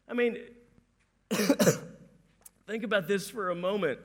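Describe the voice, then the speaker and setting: Guy preaching w a high voice, chatty, does little voices for quotes, repeats words a lot. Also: slow, pauses often. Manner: conversational, animated, acts out quoted voices, repeats words when starting sentences. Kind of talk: sermon.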